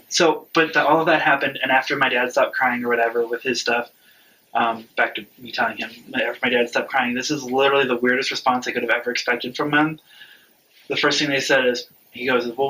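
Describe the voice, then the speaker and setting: A man's voice: mid-range voice, sharp tone, recorded from a distance, poor audio. A man in his twenties telling a personal story in casual chat, rambling and frank, swearing freely. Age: 20s. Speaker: vlog regular.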